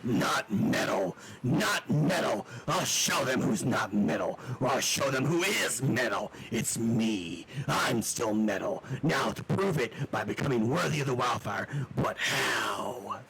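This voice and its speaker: A man's voice: medium pitch, animated, measured pace, gravelly, few pauses, a bit bright, a little hiss or hum, low-quality recording. A man voicing Prince Damien, a brash, boastful young prince who turns indignant, in live improvised voice acting.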